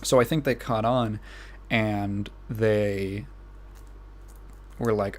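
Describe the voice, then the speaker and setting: A man's voice: fairly low pitch, steady tone, drawn-out words, long pauses. A young man with a Midwestern American accent hosting a solo podcast, rambling casually and laughing at his own asides. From Illinois. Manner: rambling, self-amused, laughs often. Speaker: podcast host.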